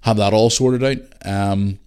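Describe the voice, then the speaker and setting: Middle-aged Northern Irish man, solo podcast host, low voice, blunt sweary rambling, a bit worn out. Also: fairly even intonation, measured pace, darkish tone, smooth. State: tired, yawning. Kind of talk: casual solo podcast chat.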